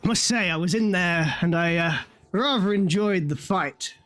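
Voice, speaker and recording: Game figure: courteous well-travelled gentleman, genteel and a bit rambling, voiced by a woman GM. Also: fairly low pitch, moderate pace, natural voice. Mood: polite. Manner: genteel, polite, slightly rambling. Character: smooth, worldly well-dressed scruffy man.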